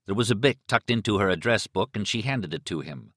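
A male audiobook narrator reads with a dramatic, expressive delivery and a low voice that rises and falls widely. His tone is bright and forward, and the recording is dry and close with no room sound. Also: a little fast, dry recording. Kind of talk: scripted narration.

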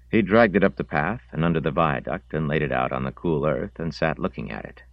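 A man reading a novel aloud in measured, gritty scripted narration. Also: extremely low pitch, gravelly, dry recording, dull audio. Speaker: audiobook narrator.

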